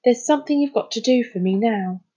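A woman's voice: on the high side, brisk, breathy edge. A woman voicing a young boy who turns bold and insistent as he begs for help, on a dull lo-fi recording. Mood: determined. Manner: pleading, forceful.

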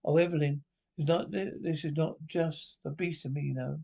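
A coy, fussy old-school professor. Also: male voice, a little high, steady tone, moderate pace, gravelly, mellow. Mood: coy, wheedling. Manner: coy, flustered and fussily polite. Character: fussy, prim middle-aged male bird professor. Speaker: ornithologist on an expedition. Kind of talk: 1970s film comedy acting.

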